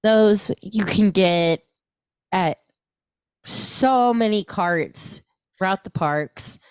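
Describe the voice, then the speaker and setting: A woman's voice: mid-range voice, animated, very slow, clear, resonant tone, dry recording. A woman co-hosting a casual podcast, chatty, laughing easily and trailing off mid-thought. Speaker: podcast co-host.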